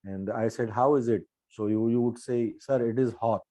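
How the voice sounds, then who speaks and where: An older man with an Indian English accent teaches grammar in a mellow, warm voice. He explains patiently and runs through drill sentences aloud. The sound is dry and close. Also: medium pitch, fairly even intonation, normal speed, no room sound, poor audio. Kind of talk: spoken grammar lesson.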